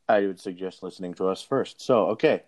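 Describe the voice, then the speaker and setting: A man with a lowish voice hosts a casual movie review chat. He rambles, stacking fillers and restarting his sentences as he goes. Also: a little fast, a little mellow. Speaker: podcast host.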